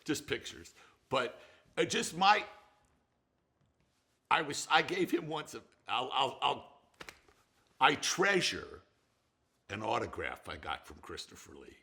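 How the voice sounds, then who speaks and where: A man's voice: mid-range voice, big pitch swings, slow pace, gravelly, pauses often, pushed and bright, slightly rough. An older man, a film director, telling rambling stories in an interview with frequent restarts and some swearing. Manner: rambling, profane, with restarts and laughter. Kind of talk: reminiscing interview.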